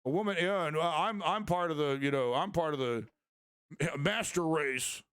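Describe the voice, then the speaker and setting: A man's voice: fairly high pitch, moderate pace, fairly bright tone, clear, resonant tone, no room sound, studio quality, natural voice. A man putting on the voice of a smug, preachy male zealot in a mocking, self-important drawl.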